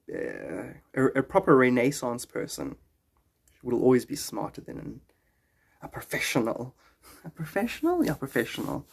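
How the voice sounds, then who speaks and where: Husky-voiced man rambling on a livestream. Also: medium pitch, a little mellow. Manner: rambling, joking, chuckling often. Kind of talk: casual livestream chat.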